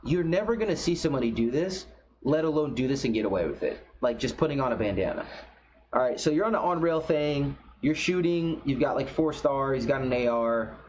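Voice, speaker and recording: A man's voice: mid-range voice, lively intonation, fairly quick, a little mellow. A man giving casual reaction commentary on a game trailer, blunt, profane and opinionated. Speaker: gaming commentator. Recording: slightly dull recording.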